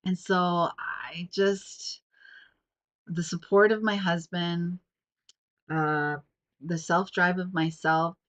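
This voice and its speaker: A woman's voice: on the low side, fairly even intonation, slow, long pauses, fairly bright tone. A woman in her thirties hosting her own podcast, talking in a casual, rambling way with lots of fillers, her nose a little sniffly. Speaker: podcast host. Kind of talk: casual reflective monologue. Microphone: self-recorded on camera.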